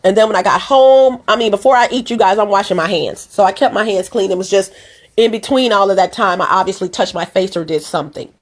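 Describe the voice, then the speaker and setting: Hoarse rambling woman vlogger. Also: medium pitch, fast talker. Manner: rambling and repetitive, addresses viewers as "you guys". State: hoarse from allergies and a cold. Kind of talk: casual chat to camera. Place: at home.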